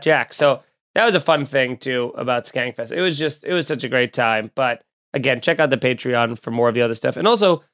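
A man's voice: a little high, fairly bright tone, clear, resonant tone. Podcast host, male comedian, loose and jokey, clean resonant voice. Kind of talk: casual podcast chat and plugs.

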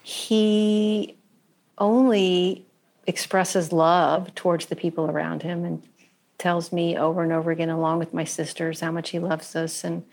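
A woman in reflective conversation who speaks thoughtfully and hesitantly, with many pauses and fillers. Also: low-pitched, darkish tone.

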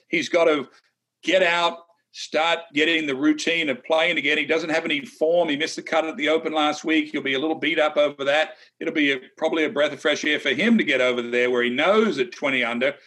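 A man's voice: a little high, sharp tone. A middle-aged man, a former tour player, co-hosting a casual golf betting chat, blunt and opinionated with some teasing.

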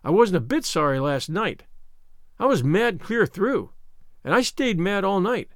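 A man's voice: sits high, very animated, measured pace, dry recording, clean studio sound. A man voicing a dramatic, imaginative young orphan girl who talks in a gushing, theatrical way. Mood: sulky.

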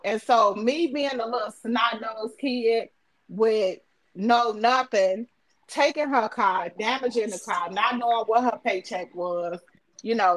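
A woman's voice: fairly high pitch, fairly bright tone. A woman hosting a casual phone-chat podcast, telling a story and acting out the voices of the people in it. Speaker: podcast host.

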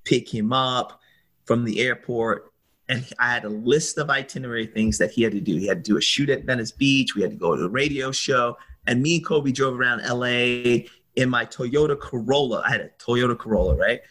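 Husky man telling a lively story. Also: mid-range voice, fairly quick. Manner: lively storyteller, acts out voices, laughs often. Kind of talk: animated storytelling.

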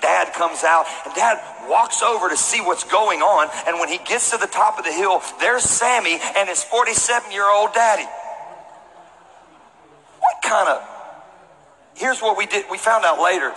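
A man delivers a storytelling sermon to a church crowd, animated and comic, now and then shouting for effect. His voice is bright and slightly high. Faint room noise sits underneath. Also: normal speed, long reverb tail, rough recording. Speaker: pastor. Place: church auditorium with congregation.

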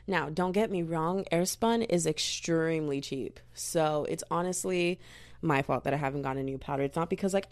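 Young female makeup vlogger, low fry-heavy voice, chatty and silly, poor home recording. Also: moderate pace, a little mellow. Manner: goofy, rambling, self-mocking, talks to viewers as "y'all" and "girl". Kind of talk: casual chatty makeup tutorial. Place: bedroom. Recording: poor quality audio.

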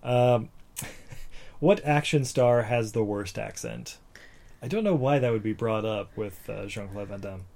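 A man's voice: lowish voice, unhurried, creaky, a little mellow. A man co-hosting a casual movie podcast, joking and laughing often as he talks. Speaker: podcast co-host.

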